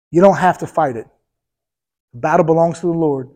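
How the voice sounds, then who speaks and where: A man with a high voice delivers a sermon to a congregation. His preaching is emphatic and builds energy, and he keeps addressing the listeners directly, asking if they are following along. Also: a little fast, warm tone, low-quality recording. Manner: addresses the congregation directly, with repeated "okay?" and "right?". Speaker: pastor.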